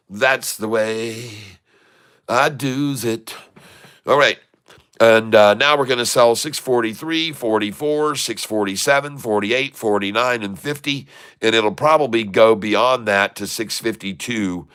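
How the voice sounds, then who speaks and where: A man giving live commentary on his day trades, excitable and repetitive, calling out to viewers and breaking into chants. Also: lowish voice, smooth. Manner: repetitive, keeps addressing viewers as folks and ladies and gentlemen. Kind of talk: live trading commentary over a chart.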